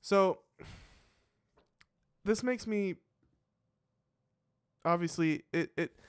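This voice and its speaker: Drawing out his words in a high-pitched, clean tone, a man hosting a live reaction show thinks aloud hesitantly. The sound is clean studio audio with no room sound, and his casual musing is full of fillers and restarts.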